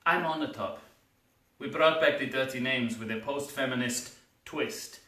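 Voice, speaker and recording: Seductive female assassin, man playing her, low sultry purr, roomy distant sound. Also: unhurried, bright, forceful tone. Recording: echoey room, distant mic.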